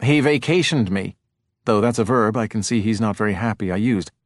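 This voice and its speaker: A man's voice: fairly low pitch, a little fast, no echo, clean studio sound, close to an everyday voice. A man reading a novel aloud, voicing an awkward male lab technician who speaks hesitantly and apologetically. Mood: sheepish.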